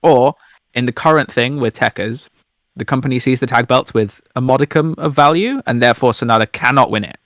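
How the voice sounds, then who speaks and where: A man co-hosting a casual podcast chat, teasing and asking quick questions with dry humor. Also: medium pitch, a bit bright, no echo. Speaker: podcast co-host.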